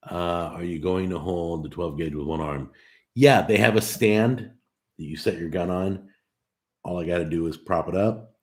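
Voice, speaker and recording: A man hosting a casual live stream, reading out viewer comments and answering them in an animated, talkative way. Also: low-pitched. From California. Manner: talkative and animated, with frequent restarts. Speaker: host of a cooking live stream.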